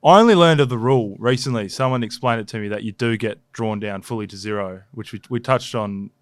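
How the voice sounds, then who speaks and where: A man's voice: lowish voice, fast talker, no room sound. Laid-back Australian man, dry close sound. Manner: laid-back, rambling storytelling. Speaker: podcast co-host and footballer. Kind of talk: casual chat.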